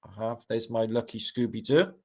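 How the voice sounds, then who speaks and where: A man's voice: mid-range voice, moderate pace, a little mellow, slightly rough. A middle-aged man, rambling and swearing through a casual livestream chat as its host. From Britain.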